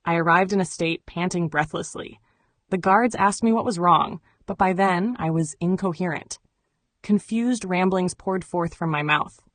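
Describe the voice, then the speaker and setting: A woman reading memoir narration in an even, measured way. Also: lowish voice, no echo. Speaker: audiobook narrator.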